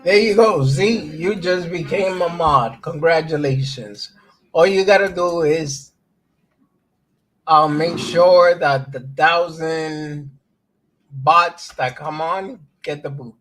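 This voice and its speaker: A man hosts a laid-back crypto livestream into his streaming mic. His voice sits somewhat high and he talks slowly, rambling between topics and reading news aloud haltingly. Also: a bit bright, poor audio. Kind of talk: casual livestream chat.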